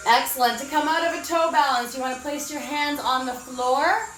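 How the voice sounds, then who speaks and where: A woman leading a children's yoga class, giving gentle, encouraging instructions with frequent praise. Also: high-pitched, moderate pace, echoey room, faint music behind. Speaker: kids yoga teacher. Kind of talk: guided children's yoga lesson.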